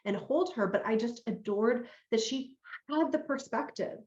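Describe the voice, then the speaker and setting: A woman's voice: fairly high pitch, measured pace, a little mellow. Affirming woman host, roomy lo-fi sound. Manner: affirming and enthusiastic, addresses viewers. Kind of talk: live-streamed group conversation. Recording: roomy, dull lo-fi call audio.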